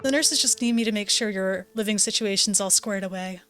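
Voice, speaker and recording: A woman voicing a tired, gentle young father who speaks softly and reassuringly. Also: medium pitch, a little fast, faint music behind, lightly acted. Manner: soft, reassuring.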